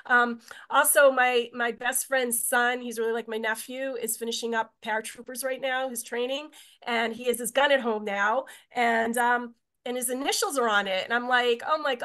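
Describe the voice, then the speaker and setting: A woman's voice: fairly high pitch, steady tone, moderate pace, a bit bright. A woman from Israel, a tour guide, giving a meandering, chatty presentation over a video call. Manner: chatty, meandering, many filler words.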